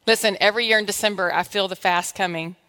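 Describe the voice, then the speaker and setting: A woman's voice: medium pitch, fairly even intonation, fast talker, pushed and bright. A woman pastor giving a conversational, humorous sermon in church, exhorting her congregation.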